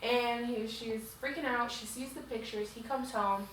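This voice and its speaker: A woman's voice: on the high side, steady tone, moderate pace. A woman co-hosting a podcast, casually recapping a book in a chatty, rambling way full of "like". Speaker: podcast co-host. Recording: very echoey room, distant mic, faint hiss.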